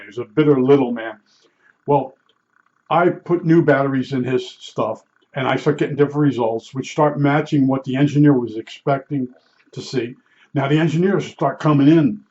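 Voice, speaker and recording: An older man from New Jersey rambles through stories from his working years in a blunt, salty way, often restarting his sentences. His voice sits at an ordinary middle pitch. The recording sounds a bit dull and lo-fi. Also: darkish tone. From Newark, New Jersey. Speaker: vlogger recalling his work as a meter calibrator. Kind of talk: rambling casual storytelling.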